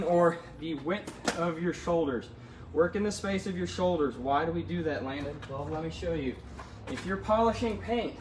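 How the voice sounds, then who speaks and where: A man's voice: high voice, darkish tone, reverberant, distant mic, a little hiss or hum. A man who is an auto detailer, giving a live how-to demonstration outdoors in the hot sun. He is out of breath from the heat and keeps checking in with viewers as he coaches them through each step. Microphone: phone camera.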